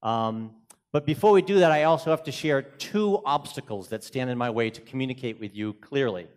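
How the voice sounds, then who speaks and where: A man with a Boston accent giving an energetic, joking conference presentation in a hotel conference room. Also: medium pitch, fairly quick, clean tone. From Boston, USA. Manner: energetic, joking, moves around a lot. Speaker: conference speaker.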